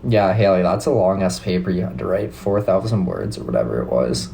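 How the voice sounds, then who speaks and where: A man's voice: deep voice, fairly quick, creaky, mellow, rough recording. A young Canadian man with a Canadian accent, hosting a casual live stream, chatting laid-back with viewers and swearing freely. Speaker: livestream host.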